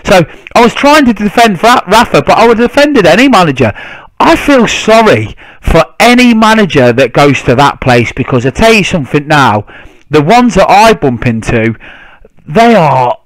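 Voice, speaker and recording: A man's voice: high voice, big pitch swings, normal speed, no room sound, poor audio. A man ranting indignantly to camera about football rivals, swearing freely. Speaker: football fan vlogger. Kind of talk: casual ranting monologue.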